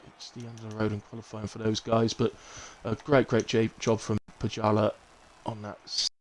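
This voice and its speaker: A man's voice: on the low side, completely flat delivery, moderate pace, slight background noise, low-quality recording. A man with a Bristolian accent giving live, casual commentary on a racing league, chatty and rambling as he fills the gaps with asides. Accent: Bristolian English. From Bristol, England.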